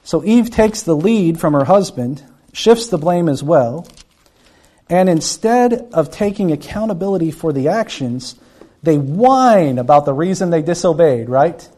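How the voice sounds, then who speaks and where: Earnest preacher man with a mellow voice. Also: a little high, animated, measured pace. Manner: earnest, repeats words, voices quoted figures. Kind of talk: Bible-teaching sermon.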